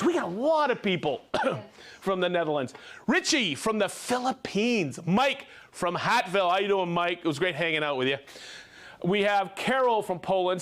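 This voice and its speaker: A man's voice: sits high, a bit bright. A man hosting a company live stream, reading out viewer names in an upbeat, casual way. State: out of breath. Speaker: livestream host. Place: company headquarters studio.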